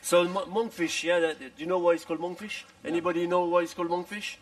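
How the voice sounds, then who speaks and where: A middle-aged French chef explains a dish at a festival cooking demonstration, often halting, restarting and repeating words, with dry jokes along the way. His voice sits high with a level tone, picked up by a distant mic with poor audio.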